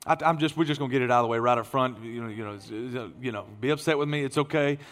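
A middle-aged man preaching as a pastor, his voice strained and tired, swinging from emphatic raised lines to quiet asides. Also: medium pitch, quick pace. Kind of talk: sermon. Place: church sanctuary. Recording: long reverb of a large hall.

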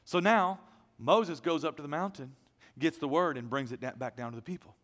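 A pastor preaching a sermon, animated, moving between loud emphasis and hushed asides. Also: male voice, on the high side, fairly quick, in a large hall.

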